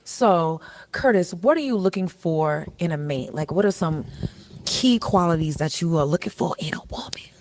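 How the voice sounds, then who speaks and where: A woman's voice: lowish voice, expressive, moderate pace, a little mellow, slight background noise. A woman hosting a matchmaking chat who asks the guests questions in a playful, teasing way. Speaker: matchmaker host. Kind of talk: casual interview.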